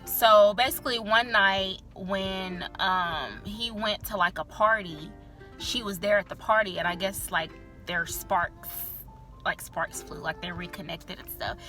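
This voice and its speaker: Bright-voiced young woman telling a story. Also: medium pitch, a little slow, soft background music. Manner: chatty, filler-heavy, swears freely. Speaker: vlogger. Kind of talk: candid storytime vlog.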